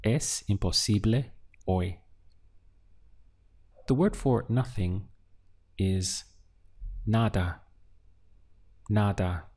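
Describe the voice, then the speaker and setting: A man teaching a beginner language lesson, drilling words syllable by syllable with patient pauses. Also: fairly low pitch, darkish tone, breathy edge. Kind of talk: slow, deliberate language lesson.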